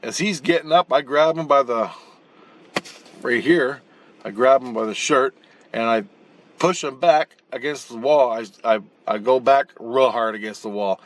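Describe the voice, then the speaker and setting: A man's voice: mid-range voice, unhurried, slight background noise. Blunt, profane man telling a story. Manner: profane, blunt, with frequent restarts and repeated words; animated, acting out the action as he tells it. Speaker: channel host recounting spirit-world dreams. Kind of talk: casual rambling storytelling.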